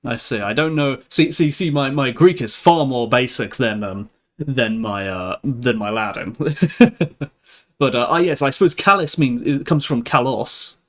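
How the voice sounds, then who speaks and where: Here a young man hosts a live stream in a medium-pitched, unhurried voice, chatting informally with viewers. Laughter comes often, and he keeps restarting his sentences.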